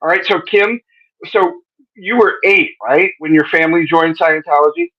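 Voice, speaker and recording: A man's voice: on the high side, steady tone, moderate pace. Joking man hosting a live-stream interview. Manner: joking, rambling, self-correcting. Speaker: interview host. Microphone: video call. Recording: dull lo-fi stream audio.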